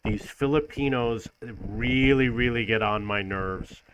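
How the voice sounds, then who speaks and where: A man's voice: mid-range voice, unhurried, fairly bright tone, a little hiss or hum, low-quality recording. A man from New York ranting in an audio-only vlog, exasperated and repetitive. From New York, USA. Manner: exasperated, repeats himself, mimics others in lists. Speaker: vlogger. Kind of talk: audio-only complaining rant.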